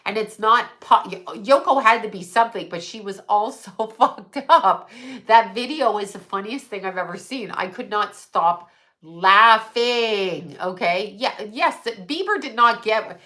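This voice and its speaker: A woman's voice: medium pitch, expressive, unhurried, pushed and bright. A middle-aged woman hosting a casual livestream from home, rambling from thought to thought, swearing freely and laughing often. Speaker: livestream host.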